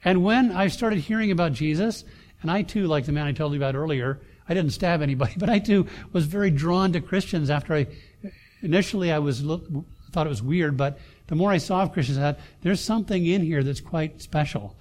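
A middle-aged man, a pastor, telling a personal story in a sermon, halting with many fillers and restarts. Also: on the high side, a little mellow.

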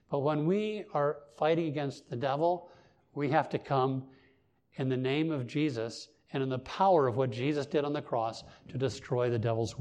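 Speaking in a mid-range voice with a darkish tone, a male pastor preaches with earnest emphasis. He raises his voice on key points, giving his stresses a rising quality.

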